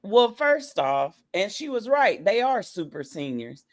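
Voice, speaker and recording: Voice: mid-range voice, very animated, unhurried. A podcast co-host in casual wrestling chat, with a middle-range voice. Opinions come out blunt and playful, full of easy slang.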